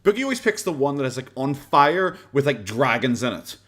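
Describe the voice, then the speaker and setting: Man, Irish accent, sarcastic reaction commentary, very animated intonation, laughs a lot. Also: medium pitch, a little fast. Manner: sarcastic, mocking, laughs often. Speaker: streamer reacting to a clip.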